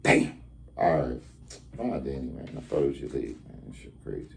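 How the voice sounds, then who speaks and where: A man's voice: very deep voice, lively intonation, moderate pace, creaky, a little mellow. A man hosting a casual podcast, bantering with callers in a joking, profane, teasing way. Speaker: podcast host. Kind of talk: casual live-stream chat with callers.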